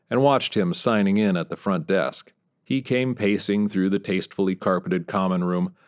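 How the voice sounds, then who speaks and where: Man, low-ish voice, first-person audiobook narration, wry, darkly humorous. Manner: wry, dry storytelling with dark humor.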